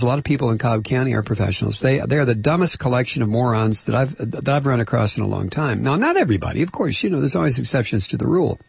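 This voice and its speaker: A middle-aged man ranting on talk radio, combative and sarcastic. His slightly husky voice swings widely in pitch as he builds his anger. It is a dry, close studio sound. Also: dry recording. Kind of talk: political talk radio monologue. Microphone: close studio microphone.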